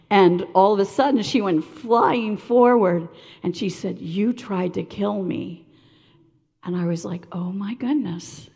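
An older woman telling a personal story in a sermon-style talk, animated and acting out the voices of others. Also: medium pitch, gravelly. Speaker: speaker sharing a personal story. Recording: long echo of a large hall.

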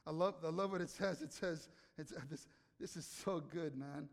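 High-voiced pastor in a reverberant hall. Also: male voice, normal speed, vocal fry. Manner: conversational, questions the audience, acts out quotes. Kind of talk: sermon.

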